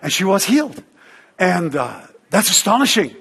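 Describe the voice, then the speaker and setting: A man preaching and telling a story, animated, acting out the voices of others and using fillers like "uh" and "you know". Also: high voice, normal speed, vocal fry, slightly rough, in a large hall. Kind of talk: sermon storytelling.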